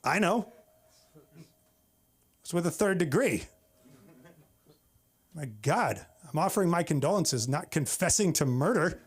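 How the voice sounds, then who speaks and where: A man's voice: fairly high pitch, animated, a little slow, pauses often, breathy edge. A man from the Bay Area, doing a wry, exasperated open-mic stand-up set on a comedy club stage. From San Francisco Bay Area. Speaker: stand-up comic.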